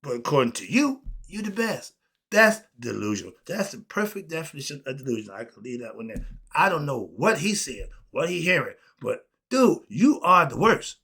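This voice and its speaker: A man ranting on his own commentary show, emphatic and animated, asking rhetorical questions and swinging between loud outbursts and low mutters. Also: moderate pace, creaky, slightly rough. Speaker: commentary channel host. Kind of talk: unscripted solo rant.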